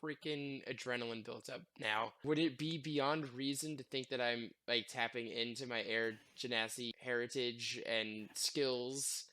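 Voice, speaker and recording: A man's voice: mid-range voice, fairly even intonation, unhurried, few pauses, bright, forceful tone. A man playing a tabletop game, playful and eager as he declares his character's moves. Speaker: player.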